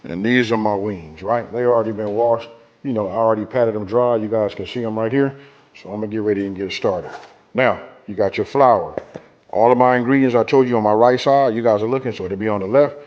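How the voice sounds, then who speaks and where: A man's voice: fairly low pitch, fairly quick, highs cut off. A man hosting a casual cooking demonstration, talking straight to viewers in a laid-back, colloquial way and checking in with them often. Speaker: cooking show host.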